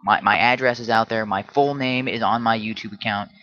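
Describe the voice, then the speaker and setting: A man's voice: on the low side, steady tone, fairly quick, pushed and bright, dry recording, dull audio. A man hosting a solo livestream, ranting combatively and often stumbling into restarts. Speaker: livestream host.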